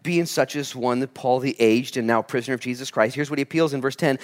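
A man preaching to his congregation with the easy rhythm of a storyteller. His voice sits in a middle register, dropping to near-hushed asides before rising into quick, excited bursts. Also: mid-range voice. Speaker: pastor. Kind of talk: sermon.

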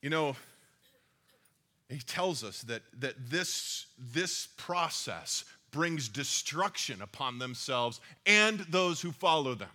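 A man's voice: mid-range voice, lively intonation, takes it slowly, sharp tone. A man preaching a sermon, reading scripture aloud and retelling a story in a conversational way. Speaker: pastor.

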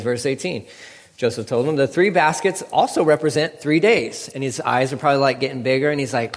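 A man preaching a sermon in an animated way, acting out the biblical figures with quick quips. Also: mid-range voice. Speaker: pastor. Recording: long hall reverb.

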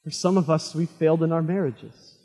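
High husky male preacher in a reverberant hall. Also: brisk, soft background music. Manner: dramatic retelling, swinging from loud to hushed. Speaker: pastor. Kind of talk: sermon.

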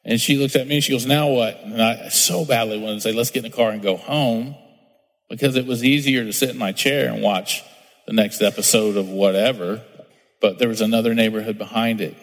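A man's voice: fairly low pitch, fairly even intonation, fairly quick. A middle-aged man preaching a sermon as pastor, conversational and storytelling, acting out quotes in different voices. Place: church sanctuary. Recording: long hall reverb.

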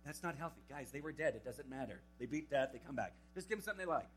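A young man giving a camp sermon to teenagers, telling a Bible story with lively acted-out quotes. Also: mid-range voice, fast, husky, low-quality recording. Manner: animated storytelling, acting out quotes. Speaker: camp speaker. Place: camp meeting hall.

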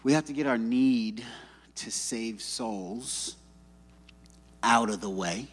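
A man preaches in a loose, chatty way, dropping jokes and stories as he goes. His voice is a little husky and sits in a middle register. A long reverb trails behind him, as in a church hall. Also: medium pitch, slow. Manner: conversational, joking storyteller. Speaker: pastor. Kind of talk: sermon.

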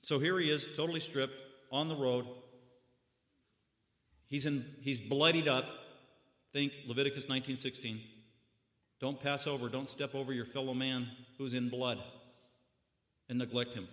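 A man preaching a sermon, telling the story dramatically with sudden loud bursts and hushed drops. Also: mid-range voice, steady tone, moderate pace, long pauses, roomy sound, big-room sound.

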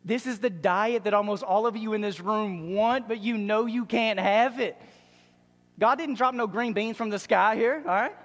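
A man with a high voice preaches a sermon in a large church hall, and his words ring out with a long reverb. He talks with animation, drops in joking asides and acts out other people's voices as he teaches. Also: normal speed. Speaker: pastor.

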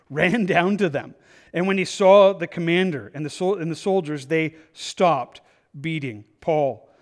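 A man preaching a conversational verse-by-verse sermon, full of fillers and repeated words. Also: on the high side. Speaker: pastor.

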